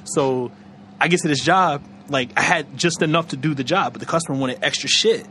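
Young male podcast host, quick and loose, filler-heavy storyteller. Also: a little high, pushed and bright, a little hiss or hum. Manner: rambling, heavy fillers, laughs often. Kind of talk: casual chat.

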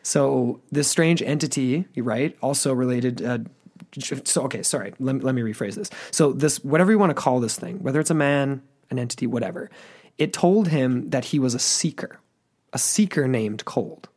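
A man's voice: medium pitch, normal speed, a little mellow. Male podcast co-host, conversational storyteller, mid-range voice, reads quotes with casual asides. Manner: retells a witness account, reads quotes aloud, chatty asides.

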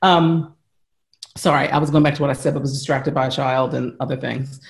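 Calling in from home as an interview guest, an American man gives long, earnest explanations full of fillers and false starts. He has a gravelly, mid-range voice with fairly even intonation and talks a little fast.

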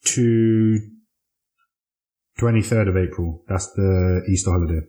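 A man's voice: low voice, a little slow. A man co-hosting a podcast in casual chat, rambling with lots of fillers. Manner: relaxed, rambling, many fillers and restarts. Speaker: podcast co-host. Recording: echoey room.

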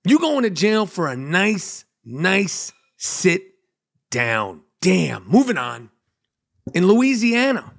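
A man's voice: high voice, sing-song, takes it slowly, creaky. A man hosting a comedy podcast, riffing through a monologue in a hyped-up, profane, joking way. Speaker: podcast host.

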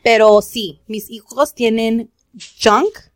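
A woman in her forties, co-hosting a podcast in casual chat, candid and quick to swear, slipping into Spanish phrases. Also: a little high, no echo, studio quality. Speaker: podcast co-host.

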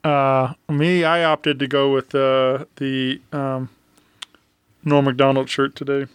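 A man with an ordinary mid-range voice hosts a relaxed podcast chat. He rambles and circles back, agreeing readily with his guest, and his voice sounds dry and close to the mic. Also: medium pitch, smooth, no echo. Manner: rambling, many fillers and restarts, quick to agree. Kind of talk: casual chat.

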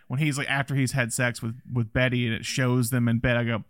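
A man with a Southern American accent co-hosting a casual film podcast, rambling and breaking into animated quoted asides. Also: mid-range voice, fairly quick, dry recording, clean studio sound. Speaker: podcast co-host.

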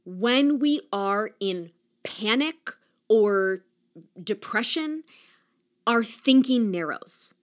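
A woman's voice: medium pitch, animated, extremely slow. Earnest woman rambling thoughtfully on her own podcast, lots of "like"s, mid-range voice. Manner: earnest and reflective, talks with her hands, frequent "like" fillers. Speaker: podcast host. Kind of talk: solo podcast monologue.

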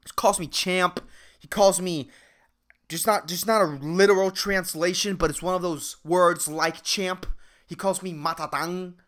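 A man's voice: high voice, fairly even intonation, measured pace, a bit bright. A man hosting a podcast, delivering a profane, exasperated comedic rant. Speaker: podcast host.

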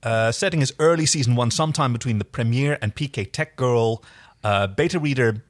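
A man's voice: medium pitch, brisk. A man co-hosting a podcast, reading fan fiction aloud with wry, chatty asides. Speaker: podcast co-host.

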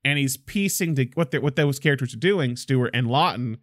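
A man's voice: medium pitch, animated, a little fast, dry recording, clean studio sound. A man co-hosting a casual film discussion, talking enthusiastically and acting out quotes from the movie.

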